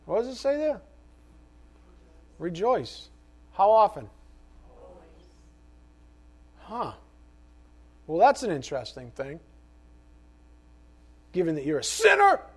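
A man with a high voice preaching to his congregation. He moves between quiet, conversational asides and loud, fervent exhortation. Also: wildly swooping pitch, measured pace, pauses often, slightly rough. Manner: impassioned, swinging from soft asides to loud exhortation. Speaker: pastor. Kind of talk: sermon.

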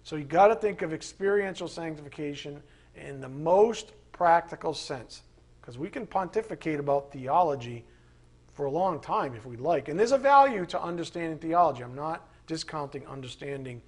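A man preaching a sermon, emphatic and animated, with mocking asides. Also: fairly high pitch, moderate pace.

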